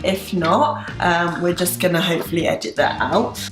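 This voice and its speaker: A woman's voice: fairly low pitch, moderate pace. English woman beauty vlogger, chatty and self-mocking, roomy echo with music under her. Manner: chatty and self-deprecating, laughing at her own mistakes. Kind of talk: casual makeup tutorial chat.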